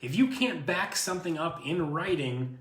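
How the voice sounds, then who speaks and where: Bright-voiced man chatting in an echoey room. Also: fairly high pitch, normal speed. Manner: animated, rambling storyteller. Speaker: co-host, realtor. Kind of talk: casual chat.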